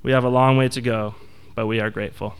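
A man's voice: mid-range voice, fairly even intonation, quick pace, very noisy. A young man reading his personal essay aloud to an audience, wry and reflective. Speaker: essay reader.

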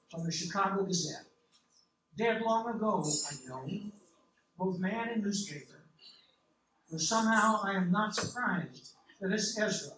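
High-voiced man narrating a story. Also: a bit bright. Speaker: audiobook narrator. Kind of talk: first-person literary narration. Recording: roomy, distant mic, faint hiss.

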